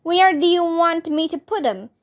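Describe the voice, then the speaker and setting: A woman's voice: very high-pitched, expressive, moderate pace, voice pushed up. A woman voicing a plain-spoken male delivery man in a storybook reading. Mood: matter-of-fact.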